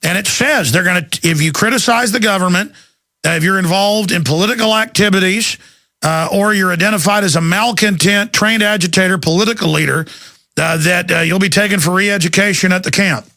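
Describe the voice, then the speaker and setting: A man hosting a talk radio interview, forceful and ranting in a gravelly voice. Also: sits high, fairly quick, no echo, studio quality. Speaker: host.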